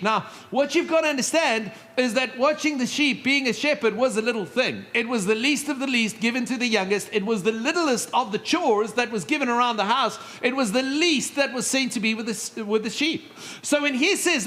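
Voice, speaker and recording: A middle-aged male pastor preaching a sermon, telling stories with lively asides and humor. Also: very high voice, a little fast. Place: church stage.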